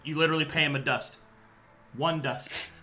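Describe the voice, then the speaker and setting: A man running a tabletop game, answering players with joking, deadpan asides. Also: fairly high pitch, moderate pace, faint music behind. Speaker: game master. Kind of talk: casual tabletop game chat.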